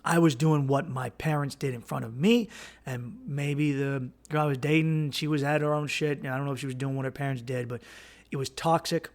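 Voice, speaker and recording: Blunt, gravelly-voiced man host. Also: mid-range voice, steady tone, fairly quick. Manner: blunt, profane, rambling with restarts. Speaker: podcast host. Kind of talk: casual advice monologue.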